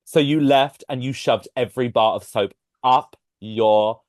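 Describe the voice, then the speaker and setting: A man's voice: medium pitch, measured pace, darkish tone, no echo. A young man co-hosting a podcast over a video call, chatting with camp, teasing asides. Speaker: podcast co-host. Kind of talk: casual chat.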